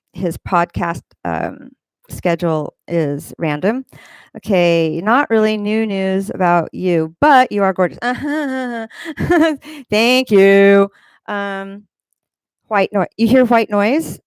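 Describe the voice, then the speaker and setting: A woman hosts a casual livestream from a home room with a fan running, rambling and reading chat comments aloud. Her mid-range, clean-toned voice comes through a desk microphone with no room sound.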